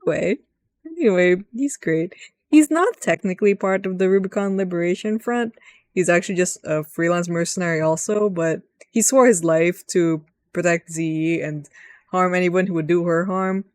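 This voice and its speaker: A woman's voice: fairly low pitch, normal speed, a little mellow, no echo. Rambling, giggly woman, dry close mic. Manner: rambling, giggly, swears freely. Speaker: gaming video host. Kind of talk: casual gaming commentary.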